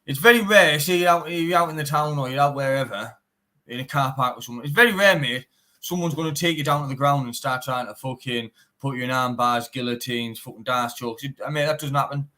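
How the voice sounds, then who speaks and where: A man's voice: mid-range voice, brisk, pushed and bright. A young man with a Teesside accent, a bare knuckle fighter talking bluntly in a casual interview, swearing often and saying "mate" in nearly every sentence. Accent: Teesside English. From England.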